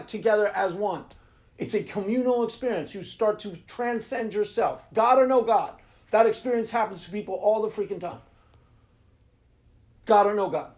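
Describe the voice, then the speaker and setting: Host in a casual monologue: a man who talks emphatically, gets animated, and laughs easily. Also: high voice. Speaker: Christian apologetics channel host.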